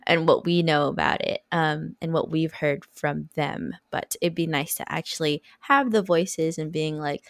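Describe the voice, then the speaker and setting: A woman co-hosting a casual podcast chat, playful and prone to loud acted-out bits. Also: sits low, steady tone, measured pace, hardly any pauses, no echo, studio quality. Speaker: podcast co-host.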